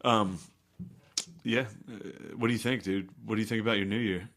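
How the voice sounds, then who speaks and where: A man's voice: fairly low pitch, steady tone, a little fast, a bit bright. A man co-hosting a podcast in casual, crude banter, laid-back and laughing often. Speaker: podcast co-host.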